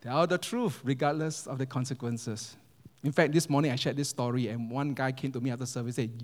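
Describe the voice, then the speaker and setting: Pastor preaching in an echoey hall. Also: male voice, mid-range voice, fairly even intonation, brisk. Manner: storytelling, humorous, asks the congregation questions. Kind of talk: sermon. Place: church hall.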